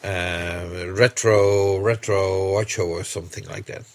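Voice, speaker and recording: A man co-hosting a casual podcast, halting and joking, with many fillers, Dutch his first language. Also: deep voice, steady tone. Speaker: podcast co-host, magazine editor.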